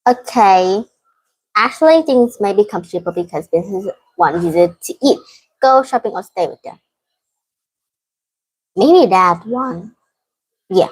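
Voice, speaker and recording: Woman, English student, halting English, dizzy, video call. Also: medium pitch, expressive, slightly rough, rough recording. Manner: halting, informal non-native English. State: dizzy from heat. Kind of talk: reading exercise answers aloud.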